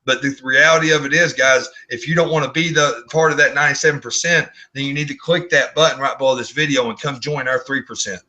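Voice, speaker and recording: A man with a very bright, sharp voice gives an earnest motivational pitch from an online video call. He talks bluntly, stumbling and repeating words as he pushes his point. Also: steady tone, quick pace, few pauses, poor audio. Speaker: co-host of online business hangout.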